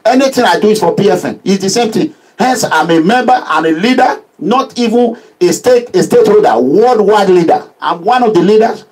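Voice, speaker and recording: A man with a Nigerian accent giving an impassioned social media address as a political activist, animated and preachy, full of proverbs. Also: high-pitched, a little fast, hardly any pauses, slightly rough, low-quality recording.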